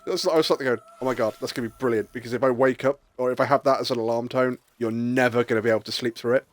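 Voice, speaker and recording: A man's voice: mid-range voice, fairly even intonation, very fast. A man hosting a live stream, chatting casually, telling rambling stories and swearing freely. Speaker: streamer host. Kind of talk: casual chat.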